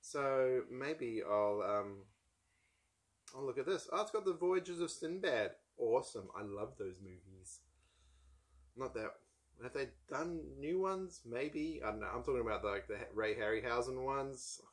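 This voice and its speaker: A man with a New Zealand accent chats casually about books, rambling and wry, with plenty of ums and asides. His voice sits at a middling pitch for a man. He hosts in a relaxed, offhand way. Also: measured pace. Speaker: book channel host. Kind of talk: casual book haul chat.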